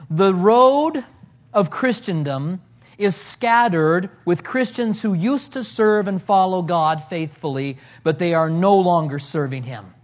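A man in his forties preaching a sermon as pastor, earnest, rising to loud emphasis and dropping to quiet, emotional lows. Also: muffled recording. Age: 40s.

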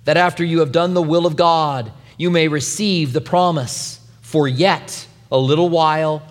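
Animated male pastor preaching a sermon. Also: a little high, a little slow, in a large hall. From New Mexico. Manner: animated storytelling with acted-out quotes.

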